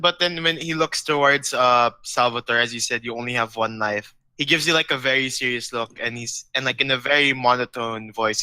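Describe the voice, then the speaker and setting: A man with a very bright, sharp voice, recorded dry and close, plays a tabletop game. He narrates his character's actions with animated flair. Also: medium pitch, a little fast, hardly any pauses, smooth, dry recording. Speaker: player. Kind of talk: tabletop role-play.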